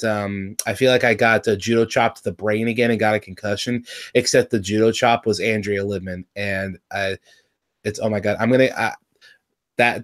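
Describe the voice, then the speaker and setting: A man hosting a casual review chat, rambling and excitable, swearing often and restarting his sentences. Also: lowish voice. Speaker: podcast host reviewing cartoon episodes.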